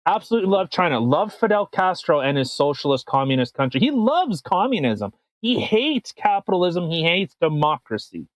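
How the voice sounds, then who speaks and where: A man's voice: fairly high pitch, sing-song, no room sound, poor audio. Ranting man, dry mic. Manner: ranting, profane, halting restarts. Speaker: podcast co-host. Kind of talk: casual comedic political chat.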